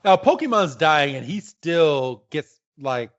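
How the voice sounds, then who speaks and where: A man co-hosting a podcast in casual chat, retelling the plot with halting fillers. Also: fairly high pitch, sing-song, fairly bright tone, lo-fi sound. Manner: rambling, halting, with many fillers. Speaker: podcast co-host.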